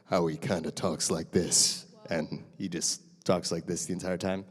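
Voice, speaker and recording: A man putting on the voice of a gruff, serious grown man, speaking slow and low. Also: steady tone. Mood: deadpan. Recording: large hall reverb.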